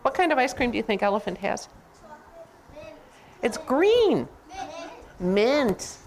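Brief: gentle, lively children's storyteller, slow and very expressive, woman in a congregation hall. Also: on the high side. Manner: gentle, animated storytelling to kids. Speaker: religious education director reading to children.

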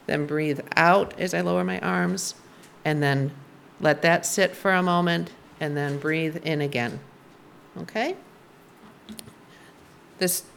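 A woman's voice: lowish voice, creaky, fairly bright tone, a little hiss or hum. A woman leading a congregation, giving casual spoken instructions with fillers. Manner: casual, with fillers and small laughs. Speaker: worship service leader.

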